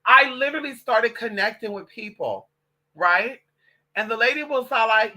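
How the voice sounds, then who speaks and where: A woman's voice: a little high, normal speed. Sassy, profane transgender woman vlogger. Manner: sassy, profane, calls listeners honey and girl; animated gossipy storytelling. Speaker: vlogger and witch. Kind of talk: casual vlog monologue.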